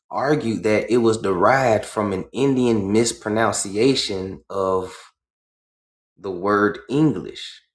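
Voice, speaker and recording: Slow, low-voiced man reading aloud. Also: reverberant. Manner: reads slowly, stops to explain and asks "right?". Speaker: livestream host. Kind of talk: reading a book aloud with commentary.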